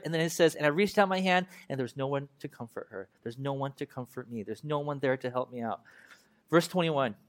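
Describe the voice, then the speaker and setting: A young man gives a casual, conversational sermon in a slightly high voice that rises and falls with lively energy. He reads scripture slowly and carefully, then breaks into relaxed everyday explanation. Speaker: preacher.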